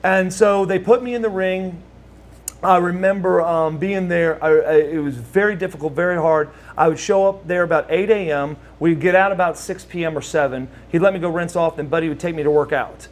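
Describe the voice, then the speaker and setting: This middle-aged man, an ex-wrestler being interviewed, rambles through casual stories full of fillers and false starts. He speaks fairly quickly in a fairly high voice with fairly even intonation.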